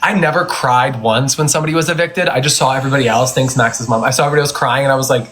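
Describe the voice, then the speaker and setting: A man's voice: medium pitch, steady tone, rapid-fire, fairly bright tone. A man hosting a casual phone live stream from home, chatty and rambling, often laughing. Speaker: livestream host. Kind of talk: casual chat. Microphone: phone livestream.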